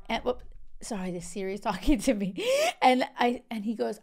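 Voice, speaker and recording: Here the young Spain-based host sounds fairly high-pitched and mellow, talking at a moderate pace. Her reality-show chat is casual and bubbly, peppered with fillers and false starts.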